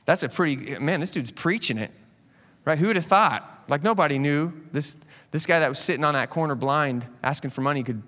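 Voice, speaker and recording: A man preaching a casual, conversational sermon as a pastor, animated and quick to joke with the congregation. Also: a little high. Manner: animated, joking asides to the congregation. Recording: long hall reverb.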